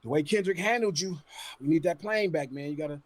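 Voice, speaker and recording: Man doing a smug record exec, deep put-on voice, sarcastic, dry. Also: fairly quick, no room sound, natural voice. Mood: mocking. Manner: mocking, sarcastic caricature. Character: smug male record label executive.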